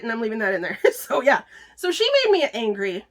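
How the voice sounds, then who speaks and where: Woman, book club host, casual review chat, fairly high voice, bright tone, lots of fillers. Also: big pitch swings, fairly quick. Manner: chatty, many filler words, laughs easily.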